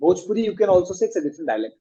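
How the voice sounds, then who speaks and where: A man's voice: sits high, sing-song, racing, mellow. A young man with an Indian English accent, a guest in a conversational interview, talking emphatically with rhetorical questions and frequent repetition. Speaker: guest, long-distance walker. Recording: dull lo-fi audio.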